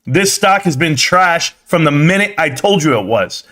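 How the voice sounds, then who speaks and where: A man with a notably high voice hosts a live stream and rants about the stock market. He talks in a sarcastic, scolding way, needling his own viewers. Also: animated, normal speed, pushed and bright. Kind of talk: ranting stock market commentary.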